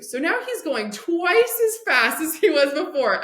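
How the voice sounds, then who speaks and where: A woman's voice: high-pitched, big pitch swings, normal speed, hardly any pauses, fairly bright tone, roomy sound. A woman guest on a podcast, an addiction and recovery coach, telling a story in casual chat and acting out the dialogue, with lots of "like" fillers.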